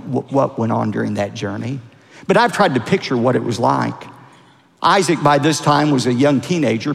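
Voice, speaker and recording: A man preaching a sermon as a pastor, dramatic, with wide swings in pitch and volume. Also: gravelly. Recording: long reverb of a large hall.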